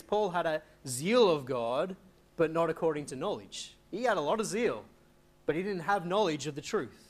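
A man preaching an expository sermon, reading scripture aloud and asking questions he then answers. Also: sits high. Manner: explains, asks rhetorical questions and answers them; reads scripture aloud in old wording. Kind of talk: expository Bible teaching.

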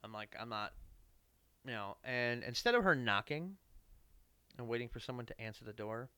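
A man with a smooth, resonant voice tells a rambling story, peppered with swearing and jokes at his own expense. The recording is dry and close, with no room echo at all. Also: medium pitch, lively intonation, moderate pace, bright, forceful tone. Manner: profane, rambling storyteller with self-deprecating asides. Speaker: podcast host. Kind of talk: casual anecdotal storytelling.

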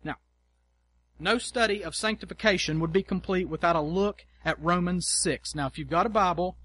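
A man's voice: high voice, normal speed, bright, forceful tone. A man preaching a sermon in a conversational, emphatic way, acting out quoted prayers and repeating key lines. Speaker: pastor.

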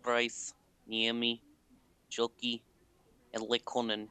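A man voicing a young Russian hockey defenseman in a deliberately bad Russian accent, reading text answers aloud. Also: medium pitch, monotone, pushed and bright, clear, resonant tone. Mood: blunt. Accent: put-on Russian.

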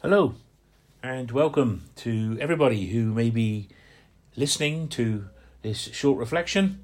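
A man from Hampshire giving a gentle, rambling radio devotional reflection, with frequent fillers. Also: medium pitch, animated, a little slow. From Hampshire, England.

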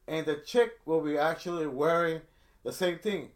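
A man's voice: on the high side, normal speed. A middle-aged man telling a long story in casual chat, rambling with many restarts. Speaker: storyteller guest.

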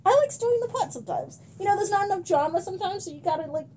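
A woman's voice: extremely high pitch, expressive, rapid-fire, mellow. A young woman in casual chat, rambling through stories, acting out quotes and swearing freely.

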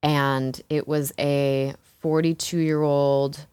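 A woman's voice: low-pitched, little pitch movement, drawn-out words, a little mellow, smooth, dry recording. A woman who works as an exotic dancer, telling a story frankly and casually, swearing, laughing often and filling with "like" and "you know". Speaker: exotic dancer, interview guest.

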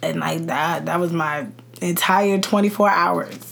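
A woman's voice: on the low side, measured pace, gravelly. A woman, a podcast guest, telling a personal story in casual chat and acting out the lines of the people in it. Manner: animated retelling, acts out quoted dialogue.

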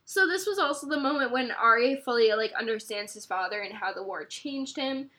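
A young woman chats on a casual book podcast, still teary and leaning on lots of "like"s. Her voice sits very high and sounds crisp and bright. She talks the way you would to a close friend. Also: lively intonation, fairly quick. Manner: chatty, many "like"s. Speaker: podcast co-host.

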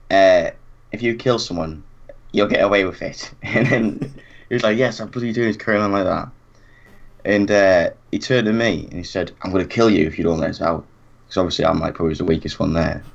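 Young man, low voice, lively storyteller who acts out the quotes; dull lo-fi recording. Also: gravelly. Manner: animated anecdote, acts out quotes, laughs often. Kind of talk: casual chat.

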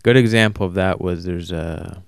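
A man talking alone in a casual, rambling monologue, flat and self-described as monotone, often stopping to correct himself. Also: deep voice, moderate pace, smooth, dry recording, clean studio sound. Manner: casual, swears. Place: warm indoor room.

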